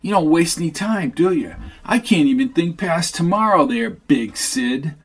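Man putting on a sassy young woman, sarcastic, quick comebacks, raised voice. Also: fairly high pitch, animated, pitched above the performer's own voice. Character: sharp-tongued, free-spirited young woman.

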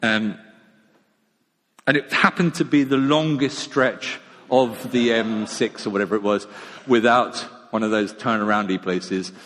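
A man's voice: on the low side, measured pace, a bit bright. A middle-aged man, preaching a sermon in a chatty, self-mocking storytelling way. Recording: long echo of a large hall.

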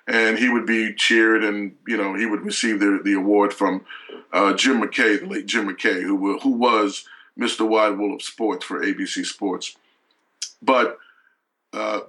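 Middle-aged male guest, bright tense tone, storytelling with halting restarts. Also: mid-range voice, low-quality recording. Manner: halting, with frequent restarts and fillers. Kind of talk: emotional storytelling.

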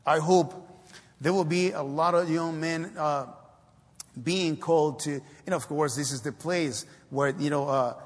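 A man preaches in a church, his slightly high voice unhurried. Much of it is hesitant and filler-heavy, though he breaks into emphatic exhortations, all under a long hall reverb.

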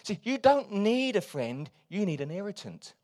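A man preaching a sermon, moving between quiet, confiding asides and loud, urgent exhortation. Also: high-pitched, big pitch swings, normal speed. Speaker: pastor.

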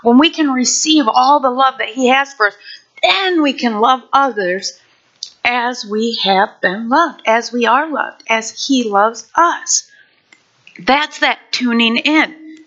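Woman preacher, lively and demonstrative, bright forward tone, muffled lo-fi recording. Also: on the high side, slow. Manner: animated, acts out little scenes and exclamations. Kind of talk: sermon.

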